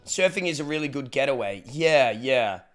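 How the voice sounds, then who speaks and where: An Australian man chats loosely with viewers on a live stream, swearing now and then and thanking them for subs. His medium-pitched voice is a bit bright with lively intonation at a normal speed, and faint music plays behind him.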